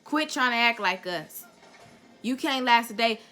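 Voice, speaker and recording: Blunt, bright-voiced young woman ranting. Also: a little high, lively intonation, unhurried, soft background music. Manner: blunt, profane, emphatic. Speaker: vlogger. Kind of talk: heated opinion rant to camera.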